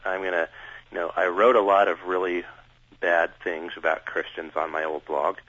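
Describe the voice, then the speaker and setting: A man talking as a radio interview guest, earnest and measured, recounting things at length. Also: deep voice, flat delivery, a bit bright, breathy edge, no echo. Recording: dull, dry sound.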